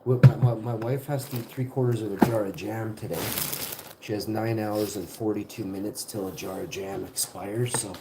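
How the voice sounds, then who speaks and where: A man's voice: fairly low pitch, fairly even intonation, normal speed, noisy background. Rambling joking man in an echoey kitchen. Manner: joking, meandering, self-interrupting. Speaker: livestream host. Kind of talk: casual rambling livestream chat. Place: home kitchen, indoors.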